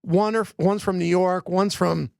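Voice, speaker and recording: A man's voice: high voice, fairly even intonation, a little slow, gravelly, no echo, studio quality. A middle-aged man from the Philadelphia area, an arena president telling stories in a casual interview, full of "you know" fillers and acted-out quotes. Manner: chatty, many "you know" fillers, acts out quoted dialogue. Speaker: arena president and general manager.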